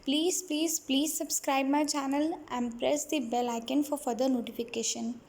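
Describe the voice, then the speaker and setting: A woman's voice: sits high, moderate pace. A woman reading out study notes in a plain listing manner. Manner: reads headings and definitions in a flat list. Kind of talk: read-aloud lecture notes.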